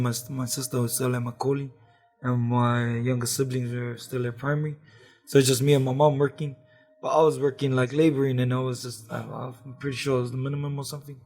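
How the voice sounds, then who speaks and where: A man's voice: mid-range voice, a little mellow. A young man with a New Zealand accent, chatting casually as a guest with lots of slang and laughter. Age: young adult. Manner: laid-back, laughing, lots of slang and fillers. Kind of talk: casual chat.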